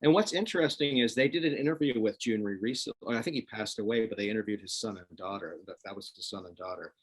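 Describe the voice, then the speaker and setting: A man in casual chat, an animated storyteller who laughs often, from the Washington DC area. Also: lowish voice, fast talker, breathy edge. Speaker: guest.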